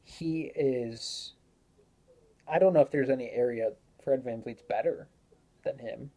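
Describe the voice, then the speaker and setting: A man co-hosting a casual sports podcast, his voice mellow and dark. He is easygoing, laying out his thoughts plainly and without fuss. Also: mid-range voice, unhurried. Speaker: podcast co-host.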